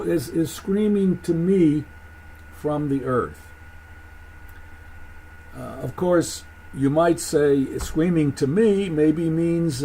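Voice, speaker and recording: A man giving a thoughtful lecture on Jewish texts, halting and restarting as he explains. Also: fairly high pitch, darkish tone, a little hiss or hum, low-quality recording. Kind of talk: recorded lecture.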